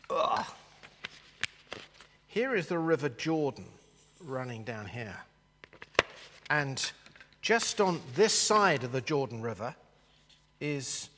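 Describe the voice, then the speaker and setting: Slow, unhurried man teaching a Bible class. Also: fairly high pitch, fairly bright tone, in a large hall. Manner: unhurried, explanatory, sketching a map as he talks.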